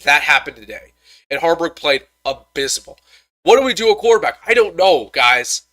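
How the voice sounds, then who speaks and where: Young man, livestream football reaction host, frustrated ranting, stammering, slightly high voice, dry close sound. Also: big pitch swings, moderate pace, pushed and bright, no echo. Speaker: sports commentator host. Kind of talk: live-stream postgame reaction.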